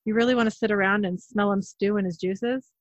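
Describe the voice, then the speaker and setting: A woman's voice: mid-range voice, brisk, no room sound, close to an everyday voice. A woman reading a wisecracking young hunter. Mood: wry. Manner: read flatly as a quoted line in a recap. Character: young adult male hunter, wisecracking brother. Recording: dull dry lo-fi recording.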